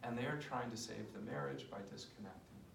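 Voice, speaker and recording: A gravelly-voiced man explains couples therapy with passion, acting out sessions as he goes. He is heard from some distance in an echoey room with steady background noise. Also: fairly low pitch, a little fast. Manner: passionate, demonstrates with role-play. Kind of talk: explaining therapy method in an interview.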